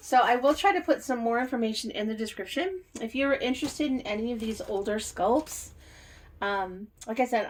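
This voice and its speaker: A middle-aged woman, a doll artist and teacher, talking through a casual unboxing vlog in a chatty, reflective way with many fillers and soft laughs. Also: on the high side, a little hiss or hum.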